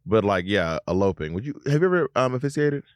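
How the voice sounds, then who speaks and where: A man co-hosting a podcast in casual chat, teasing and firing off quick questions. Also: lowish voice, sing-song, smooth, no room sound, studio quality. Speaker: podcast co-host.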